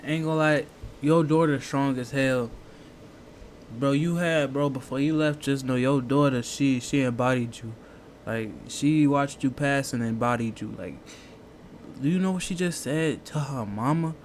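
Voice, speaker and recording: A man's voice: medium pitch, a little slow, a little hiss or hum. Slangy man rambling through reaction commentary. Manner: loose, slangy, rambling talk with many restarts. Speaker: reaction video host.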